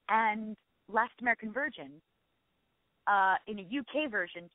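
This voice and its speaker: The voice is a woman's, fairly high-pitched, with no echo on the dry, tinny phone connection. She's a middle-aged actress being interviewed, chatting warmly and effusively in a casual way while repeatedly restarting and self-correcting.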